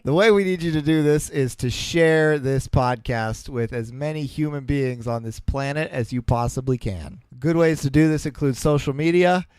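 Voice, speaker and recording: A man co-hosting a comedy podcast, running through the closing plug in a deadpan, jokey way. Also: on the high side, moderate pace, few pauses, smooth, no room sound. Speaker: podcast co-host. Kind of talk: podcast outro read with jokes.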